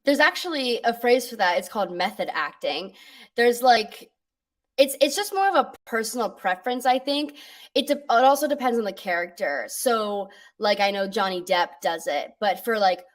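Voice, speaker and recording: Recorded from a distance, a young actress with a mid-range voice appears as a guest on an interview show. She answers in a relaxed, casual way, filling her speech with "like" and "you know."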